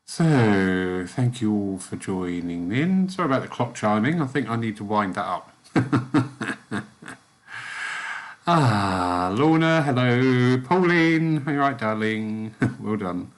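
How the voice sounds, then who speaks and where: Man, meditation leader, soft-spoken, slow, chatty. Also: on the low side, lively intonation. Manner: gentle, soft-spoken, chatty with small laughs. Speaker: spiritualist church meditation leader. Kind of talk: guided meditation and casual chat.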